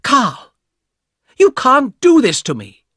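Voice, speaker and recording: A man's voice: sits high, wildly swooping pitch, takes it slowly, fairly bright tone, slightly rough, no echo, studio quality, pitched above the performer's own voice, heavily acted. A man reading an audiobook, voicing a frightened young woman who pleads with her brother in a raised voice. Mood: angry.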